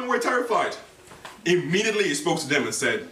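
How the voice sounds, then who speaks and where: A man preaching a sermon in a church, animated and dramatic, repeating key phrases and drawing responses from the congregation. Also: on the high side, brisk. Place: church hall. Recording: echoey hall, distant mic, background noise.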